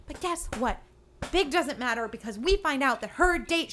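A young woman hosting a podcast, recapping a TV episode in a chatty, sarcastic way with playful quick impressions. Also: high-pitched, expressive, a bit bright. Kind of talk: casual comedic recap.

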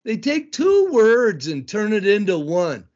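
A man in his fifties from Blackfeet country in Montana, a podcast guest telling stories in an animated, laughing way and swearing freely. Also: sits high, a little slow. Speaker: podcast guest, tournament announcer. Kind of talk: casual storytelling chat. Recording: dull lo-fi recording.

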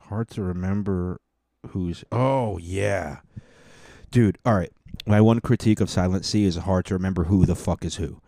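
A man's voice: sits low, normal speed, mellow, dry recording, studio quality. A man hosting a casual monologue, rambling and swearing through mock rants. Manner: rambling, profane, mock-ranting.

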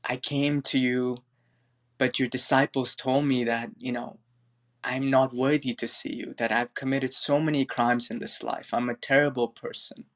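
A man's voice: mid-range voice, level tone, moderate pace, fairly bright tone, lightly acted. A broken criminal full of remorse, voiced by a man telling a story. He pleads in despair, in an everyday speaking voice.

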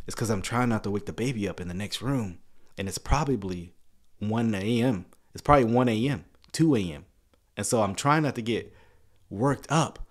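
A man in his thirties hosting a casual livestream, chatty and rambling, often restarting his words and laughing. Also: mid-range voice. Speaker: YouTube channel host.

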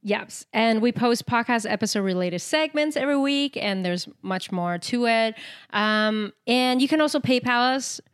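A young woman co-hosting a casual podcast chat, her voice sitting a little high. She is blunt and giggly and swears freely. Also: expressive, normal speed, clear, resonant tone. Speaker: podcast co-host.

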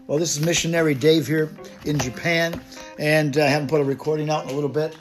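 A man's voice: a little high, steady tone, fast, faint music behind. A man preaching a recorded devotional sermon as a missionary, fervent and repetitive, declaiming scripture. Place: Japan.

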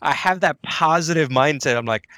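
A man's voice: a little high, normal speed, pushed and bright, smooth, dry recording. A man hosting a podcast, upbeat and affirming, chatting casually and telling stories. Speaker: podcast host. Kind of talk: casual conversational interview.

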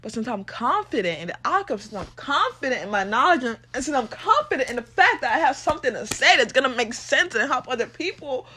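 A high-pitched woman delivers a motivational rant on her own podcast. She is blunt and profane, and she laughs as she talks. Her voice swings widely up and down. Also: sing-song, a little fast, few pauses, sharp tone, husky. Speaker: podcast host.

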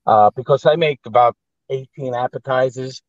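A man's voice: medium pitch, normal speed, no room sound, highs cut off. A man with a New York accent, a guest telling stories casually, blunt and full of swearing. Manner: blunt, profane, animated storyteller. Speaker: guest, actor and private chef. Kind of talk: casual storytelling.

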